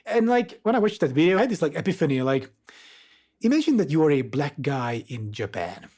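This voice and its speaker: Eastern European man, podcast guest, fairly high voice, loose chatty delivery with fillers. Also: brisk. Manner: animated, lots of fillers like "like" and "right". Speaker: guest, video creator. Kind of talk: casual podcast conversation.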